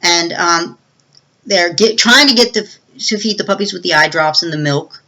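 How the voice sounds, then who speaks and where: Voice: mid-range voice, moderate pace, pushed and bright, low-quality recording. A movie reviewer giving a casual, rambling plot recap with many fillers and restarts.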